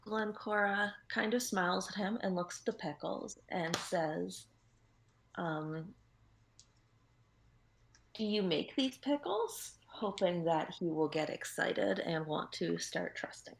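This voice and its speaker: Gravelly-voiced woman player. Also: fairly low pitch, fairly even intonation, unhurried. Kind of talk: casual tabletop play.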